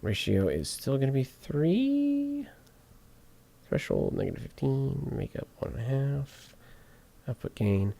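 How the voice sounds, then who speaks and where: A man's voice: mid-range voice, big pitch swings, measured pace, creaky, warm tone. Casual man explaining audio editing. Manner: chatty, jokey asides while working. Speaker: podcast editor streaming his editing session. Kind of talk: casual on-screen tutorial talk.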